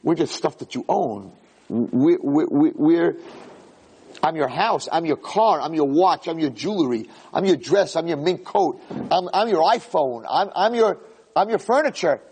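A man voicing a person's belongings refusing to help, high and stammering. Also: animated, unhurried, a little mellow, slightly rough. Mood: apologetic. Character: a man's worldly possessions speaking as one. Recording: long reverberant hall.

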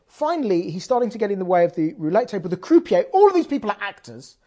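A man, a rabbi, teaching a lesson through an animated story and acting it out with sound effects. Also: high voice, fast, few pauses.

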